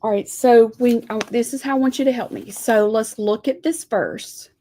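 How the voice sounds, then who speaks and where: A woman's voice: fairly high pitch, moderate pace, mellow. A woman leading a live craft lesson, chatty and folksy as she talks viewers through her lettering. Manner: chatty, folksy, says y'all. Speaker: lettering teacher.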